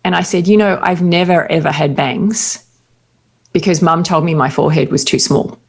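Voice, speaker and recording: A middle-aged woman with an Australian accent talks in a fairly low voice. She tells a personal story candidly in relaxed conversation, with quick asides. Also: slightly rough. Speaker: guest. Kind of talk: casual conversation.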